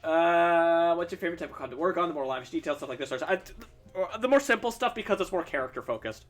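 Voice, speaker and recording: A man's voice: fairly high pitch, expressive, quick pace, soft background music. A young man, a streaming artist, chatting casually and rambling while he draws. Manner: chatty, rambling, self-interrupting.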